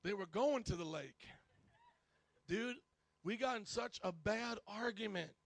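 A man preaching a humorous, animated storytelling sermon, joking and self-mocking as he goes. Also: sits high, a little slow, gravelly, no echo.

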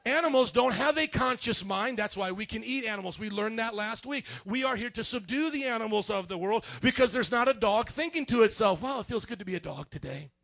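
A male pastor preaching a sermon in church, animated and joking, speaking straight to the congregation. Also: very high voice, a little fast, gravelly, few pauses, no echo.

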